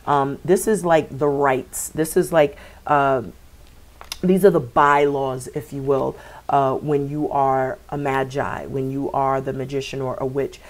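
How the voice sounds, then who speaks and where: Low-voiced woman giving a tarot reading. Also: little pitch movement, unhurried. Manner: meandering, repeats words, many fillers. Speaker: tarot reader. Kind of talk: spiritual reading for viewers.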